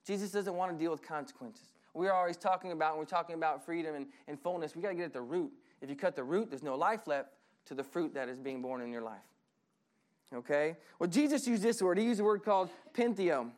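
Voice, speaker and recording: A man preaching a sermon in an animated, conversational way, slipping into acted voices. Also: fairly high pitch, fast talker. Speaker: pastor.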